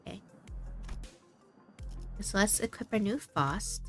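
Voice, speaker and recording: A woman's voice: medium pitch, expressive, a little slow, a bit bright, faint music behind. A woman VTuber in casual gameplay commentary, chatty and thinking aloud as she plays, laughing often. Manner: reads game dialogue aloud. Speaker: VTuber streamer.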